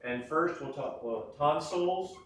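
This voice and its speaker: A man's voice: fairly high pitch, lively intonation, slow pace, a bit bright, slight background noise. A man giving a classroom anatomy lecture in a folksy way, often checking in with the class. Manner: folksy, keeps checking in with "right?" and "okay?". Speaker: anatomy instructor. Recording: echoey room, voice from far off.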